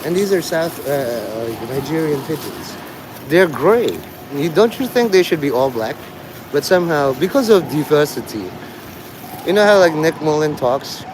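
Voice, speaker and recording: A man's voice: a little high, animated, moderate pace, noisy background. A man vlogging outdoors in a city street, rambling with sardonic asides. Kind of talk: rambling live street vlog.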